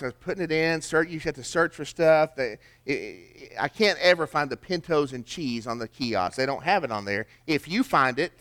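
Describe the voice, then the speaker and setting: A man's voice: a little high, a bit bright. An older man, preaching a sermon in a folksy storytelling way with rhetorical questions. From American South. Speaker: pastor.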